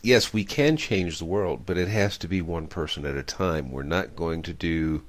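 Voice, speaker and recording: A middle-aged man hosts a radio interview, rambling and reflective as he tells stories packed with fillers. His voice sits low and he speaks at a moderate pace.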